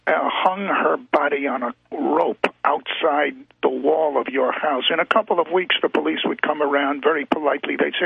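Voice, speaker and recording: A male guest calling into a talk radio show, speaking in a halting, storytelling way with frequent restarts. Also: on the high side, expressive, vocal fry, breathy edge, dry recording. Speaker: call-in guest. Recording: tinny phone line.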